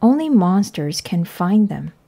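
Calm, loving mother from a picture book, voiced by a woman; gentle, measured, warm-toned. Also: lowish voice, gravelly, full character voice. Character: calm, fond mother who loves monster stories.

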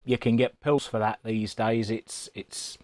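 Man, lowish voice, dry close sound, casual live-stream chat, teasing banter, repair workshop. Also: steady tone, a little slow, a little mellow, no room sound. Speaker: guest presenter of a live stream.

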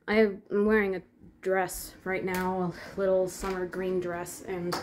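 A woman's voice: fairly low pitch, level tone, takes it slowly, darkish tone, slight background noise. Breathless young woman vlogging outdoors in snow. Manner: chatty, sighing and laughing between phrases. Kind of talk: casual vlog to camera. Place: outdoors in deep snow by a driveway.

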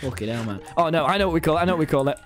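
A young man streaming a game, joking in a put-on gruff working-class bloke persona and swearing freely. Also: a little high, expressive, racing, faint music behind. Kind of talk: comic gaming banter in character.

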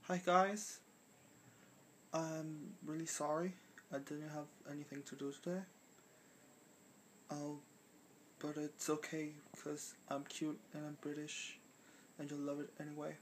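Halting, excited young male vlogger. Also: on the high side, slight background noise. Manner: excited yet halting, with fillers. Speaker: channel member. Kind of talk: casual vlog intro.

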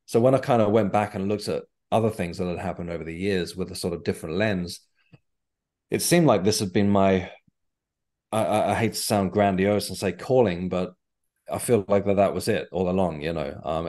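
Deep-voiced Englishman telling a story. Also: normal speed. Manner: rambling, animated storyteller. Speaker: guest, medium and author. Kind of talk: casual interview chat.

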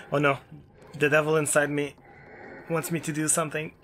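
A man giving let's play commentary on a horror game, excitable and yelping whenever something startles him. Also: moderate pace, a little hiss or hum. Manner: excitable, yelps and jumps high when scared. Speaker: gaming YouTuber. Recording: game music playing behind.

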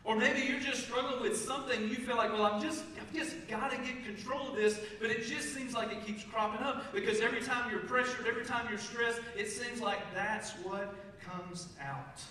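Male pastor, bright and high, conversational sermon, recorded from a distance in an echoey sanctuary with faint room noise. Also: moderate pace, few pauses. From Texas. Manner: conversational preaching, asks the congregation questions. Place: church sanctuary. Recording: echoey church hall, mic from a distance.

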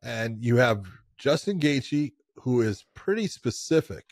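Podcast dude arguing fight picks, dry mic, pretty emphatic. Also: male voice, mid-range voice, animated, a little slow, dry recording. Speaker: podcast co-host. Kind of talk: casual chat.

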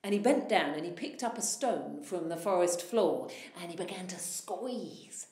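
A woman storyteller telling a folktale aloud in an animated way, swelling in loudness at the dramatic moments. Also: fairly low pitch, unhurried. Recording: echoey room.

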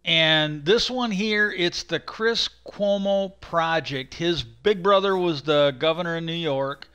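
Bright, exasperated man rambling. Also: a little high, takes it slowly, clean tone. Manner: rambling, exasperated, swears freely. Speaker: livestream host. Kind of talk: casual rambling monologue.

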